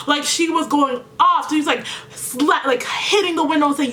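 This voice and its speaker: A woman's voice: high-pitched, moderate pace, hardly any pauses, bright, forceful tone. A woman vlogger telling a painful personal story to her viewers, chatty, full of fillers and close to tears. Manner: chatty, fills with "like", speaks to viewers as "you guys". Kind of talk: emotional get-ready-with-me storytelling.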